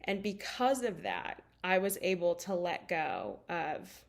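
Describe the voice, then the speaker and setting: A woman's voice: lowish voice, sing-song, takes it slowly, creaky. Candid, emotional woman telling a story. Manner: candid and emotional, with many fillers. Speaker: life coach. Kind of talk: personal storytelling talk.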